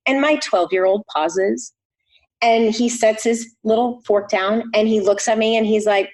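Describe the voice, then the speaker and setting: A woman's voice: mid-range voice, moderate pace. A middle-aged woman, a chiropractor guest on a podcast, telling a personal story in an earnest way. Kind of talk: casual conversation.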